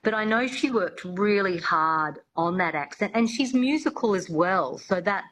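A woman's voice: medium pitch, lively intonation, a little slow, fairly bright tone, a little hiss or hum, rough recording. A woman, a coach chatting as an interview guest, with lots of restarts and fillers. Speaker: accent coach.

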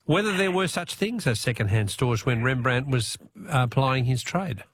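A man's voice: mid-range voice, lively intonation, normal speed, fairly bright tone, slight background noise. A man hosting a talkback radio quiz, joking, punning and spelling out answers.

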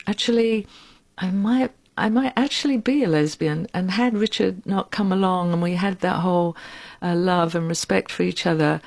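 Frank woman in her sixties, low voice. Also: creaky, darkish tone. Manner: reflective, frank, unhurried. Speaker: interview guest. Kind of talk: candid personal storytelling.

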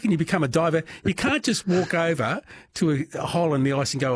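A man's voice: fairly high pitch, very animated, fast, hardly any pauses, slight background noise. A man hosting an interview and asking questions in a playful, jokey way. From Australia. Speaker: radio host.

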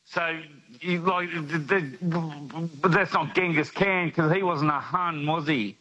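A man's voice: a little high, slow pace, lo-fi sound, a crowd in the background. A man with an Australian accent calling a radio show from his car, joking and playful. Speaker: radio caller.

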